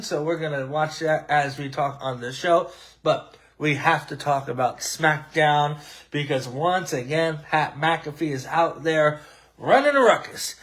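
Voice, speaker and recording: A man with a slightly high voice hosts a casual live wrestling talk show. He talks in an animated, ranting way, with plenty of sarcasm. He trips over restarts and fillers as he goes. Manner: frequent restarts and filler words. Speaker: podcast host.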